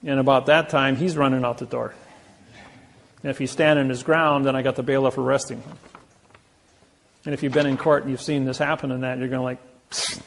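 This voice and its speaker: A man's voice: mid-range voice, little pitch movement, fairly quick, vocal fry, long pauses, a little hiss or hum. A man giving an informal seminar lecture, telling rambling anecdotes and acting out the dialogue himself. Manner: storytelling, acting out courtroom dialogue; rambling, self-correcting.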